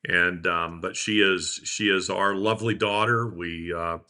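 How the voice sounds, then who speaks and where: A man's voice: sits low, steady tone, measured pace. A middle-aged man with a Southern American accent, co-hosting a podcast and talking proudly about his daughter in a loose, rambling way. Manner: warm proud father, rambling with fillers. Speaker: podcast co-host. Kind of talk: casual chat on a video call.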